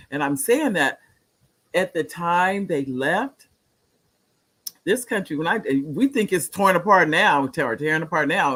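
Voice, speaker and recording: An older man in his late sixties talks earnestly on his live-streamed talk show. He repeats his points for emphasis and reads viewer comments aloud. His voice sits slightly high for a man. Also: bright, forceful tone. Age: 60s.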